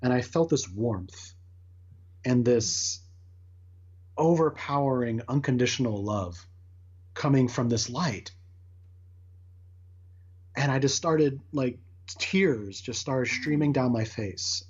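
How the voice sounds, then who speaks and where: On muffled lo-fi audio, a man in his thirties, interviewed as a guest, tells a personal story earnestly, restarting often and acting out what people said in a rambling way. He speaks slowly in a slightly rough, mid-range voice, leaving long pauses, in this casual storytelling interview.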